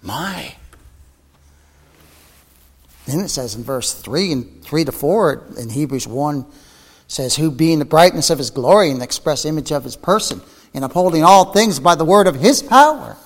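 A man preaching a fervent sermon, reading scripture aloud, his voice climbing high and then falling to near-whispers. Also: lively intonation, normal speed, in a large hall. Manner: fervent preaching, soaring then dropping to a hush.

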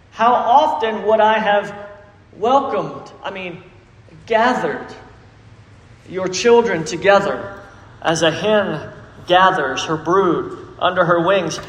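Emphatic high-voiced preacher. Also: male voice, fairly bright tone. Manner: preachy and emphatic, asks the congregation questions. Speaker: pastor. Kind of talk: sermon. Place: church sanctuary. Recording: echoey reverberant church hall.

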